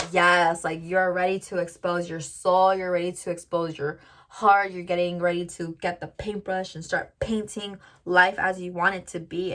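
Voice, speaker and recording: Chatty woman tarot reader, lowish voice. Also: a bit bright. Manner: chatty, lots of "like" fillers, addresses viewers directly. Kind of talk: casual pick-a-card tarot reading.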